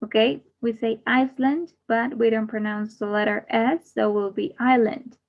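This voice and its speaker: A woman teaching an English class online, slowly repeating each word twice in a drilled, deliberate way. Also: fairly high pitch, flat delivery, vocal fry. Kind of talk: slow drilled pronunciation lesson. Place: online class, speaking to a camera. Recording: slightly dull lo-fi audio.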